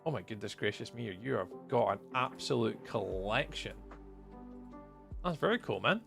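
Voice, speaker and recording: Lively gravelly Scottish man streaming. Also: on the low side, normal speed, music in the background. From Scotland. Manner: friendly, chatty, greets viewers by name. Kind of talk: live gameplay commentary, chatting with viewers.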